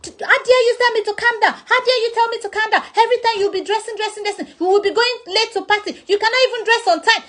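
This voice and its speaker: Woman doing a shrill, scolding Nigerian friend. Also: lively intonation, bright, forceful tone, heavily acted. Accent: Nigerian English. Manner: shrill, scolding, rapid-fire complaints. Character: hot-tempered young woman friend, always scolding.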